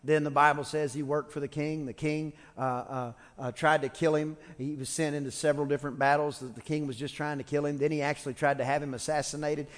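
A man's voice: a little high, little pitch movement, fast, few pauses. A man preaching a sermon as pastor, telling a story in a humorous, conversational way with frequent restarts. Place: church sanctuary. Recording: long church-hall reverb.

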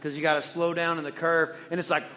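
A man preaching a sermon in church as the pastor, animated and joking, swinging between loud and hushed. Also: fairly high pitch, fast.

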